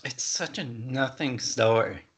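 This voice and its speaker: Laid-back young man, husky voice. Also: mid-range voice, unhurried. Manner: laid-back, teasing, pushes back calmly. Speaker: co-host. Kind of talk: heated casual debate.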